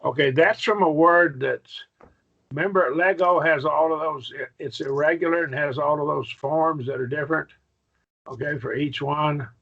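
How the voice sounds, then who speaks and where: A man's voice: a little high, steady tone, normal speed, creaky, a bit bright, lo-fi sound. A man teaching a Greek grammar class in a patient manner, often checking in with his students. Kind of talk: classroom lesson.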